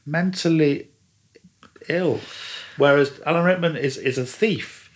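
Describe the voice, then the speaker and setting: A man's voice: fairly high pitch, takes it slowly. A man talking in casual chat, rambling with many restarts and fillers. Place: lives in a German-speaking country.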